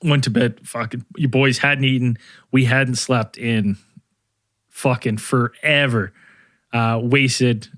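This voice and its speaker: A man's voice: medium pitch, slow, dry recording, clean studio sound. A man co-hosting a podcast, retelling a night out in casual chat and acting out what people said. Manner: animated retelling, acts out quoted lines. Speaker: podcast co-host.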